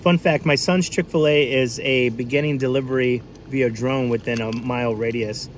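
A man's voice: mid-range voice, fairly even intonation, moderate pace, slight background noise. Chatty New man on a livestream. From New England. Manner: rambling, chatty, lots of fillers. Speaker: livestream food vlogger. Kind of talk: casual live-stream chat.

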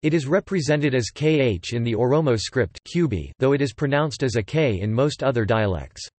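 Male text-to-speech narrator, mid pitch, flat machine reading of reference text, bone-dry close sound. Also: moderate pace, no room sound. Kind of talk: synthetic encyclopedia narration. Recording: dry, close synthetic audio.

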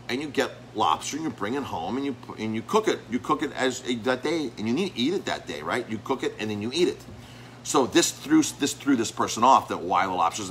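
Bright-voiced man ranting casually. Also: on the low side, slight background noise, rough recording. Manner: rambling, with many restarts and repeated words. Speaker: restaurant owner and chef. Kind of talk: casual talk to camera.

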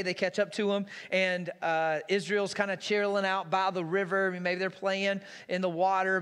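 A man's voice: high-pitched, fairly bright tone. A man pastor preaching a sermon in a church, retelling a story in a casual, storytelling way. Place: church sanctuary. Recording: long reverb in a large hall.

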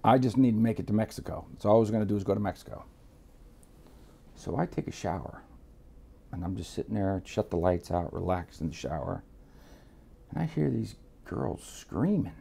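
Creaky, slightly rough, and lowish, this middle-aged man from Miami talks at a moderate pace with long pauses. As an interview guest he tells a casual, profane, streetwise story, animatedly acting out the voices in it.

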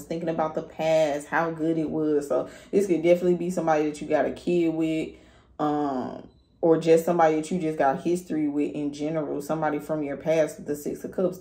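A woman's voice: sits low, warm tone, reverberant. A woman giving a casual tarot reading, blunt and profane, talking straight to her viewers. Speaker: tarot reader.

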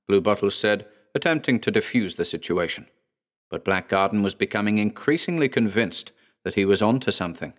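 A man narrating a scripted horror story with a measured, dramatic delivery. His voice sits on the lower side. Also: lively intonation.

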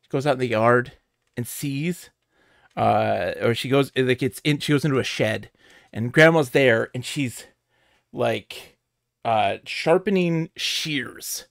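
Here the same kind of home game stream comes through in a medium-pitched male voice that moves slowly with some vocal fry. The sound is clean and studio-grade without echo, and he rambles and giggles through casual chat, spinning lively stories.

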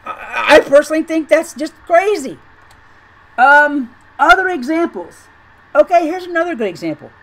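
High-voiced woman, chatty and incredulous. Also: expressive, moderate pace, fairly bright tone, low-quality recording. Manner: incredulous, rambling with repeated words. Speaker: gaming video creator. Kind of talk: chatty commentary over gameplay.

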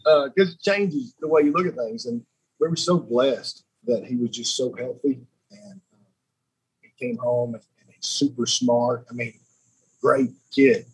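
A man's voice: mid-range voice, unhurried, slightly rough, rough recording. A man in his thirties from Alabama, a podcast guest telling a personal story in an earnest way, often restarting and repeating himself. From Alabama, United States. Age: 30s.

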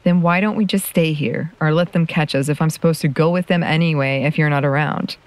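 A woman reading a story, voicing a frightened, clingy young boy with slow, pleading lines. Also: sits low, no echo, close to an everyday voice. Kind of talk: audiobook reading.

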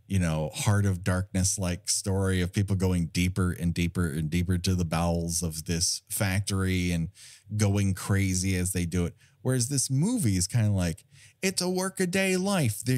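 A man's voice: low voice, a little mellow, dry recording, clean studio sound. A man co-hosting a podcast in casual film chat, joking and laughing often. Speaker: podcast co-host.

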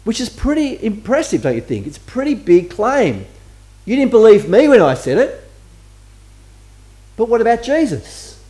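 A man's voice: sits high, sing-song, normal speed, pauses often, warm tone. A man preaching a conversational sermon to a church congregation and asking them questions as he goes. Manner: chatty, asks the congregation questions. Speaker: pastor. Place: church service before a congregation.

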